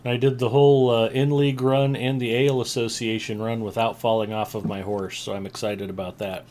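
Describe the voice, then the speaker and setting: A man hosting a live game stream, chatting casually and giving shout-outs to viewers and friends. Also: medium pitch, flat delivery, a little fast, slight background noise. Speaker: streamer host.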